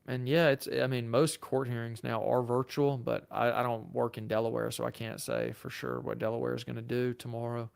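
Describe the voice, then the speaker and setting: A man with a Southern US accent hosts a live Q&A and answers viewer questions in a loose, conversational way. His voice is gravelly at the bottom yet smooth and resonant, and it sits at a medium pitch. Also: level tone, fairly quick, hardly any pauses. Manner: casual and chatty, thinks aloud with fillers and restarts. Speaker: lawyer hosting a livestream. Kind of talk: live Q&A, reading viewer comments.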